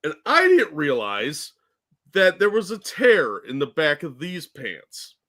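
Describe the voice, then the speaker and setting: A man's voice: a little high, huge pitch swings, slow, sharp tone. A man co-hosting a podcast, telling a rambling, self-deprecating story in casual chat. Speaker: co-host.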